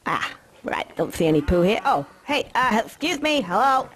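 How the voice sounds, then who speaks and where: A man's voice: very high-pitched, very animated, moderate pace, a bit bright, a little hiss or hum, heavily acted. A man voicing a cocky, sarcastic young male squirrel in a video game. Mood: wry. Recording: game audio with music behind.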